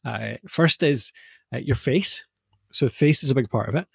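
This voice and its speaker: A Scottish man co-hosting a podcast, easily explaining voice warm-ups and playfully demonstrating vowel sounds. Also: medium pitch, moderate pace, vocal fry, husky, dry recording, studio quality. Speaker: podcast co-host explaining voice skills. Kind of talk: casual podcast chat.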